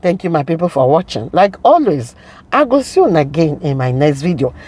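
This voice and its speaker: A woman's voice: low voice, big pitch swings, a little fast, darkish tone, slightly rough. A woman with a Nigerian accent ranting to her viewers in a casual vlog, preachy and scolding. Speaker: vlogger. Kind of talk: casual commentary rant to viewers.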